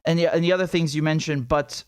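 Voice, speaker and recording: A man's voice: on the high side, quick pace, clean tone, no echo, studio quality. Blunt, profane male live-streamer. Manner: blunt, profane, animated, with many repeated words. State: has a headache. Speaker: political commentator hosting a live stream. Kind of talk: casual live-stream commentary reading chat.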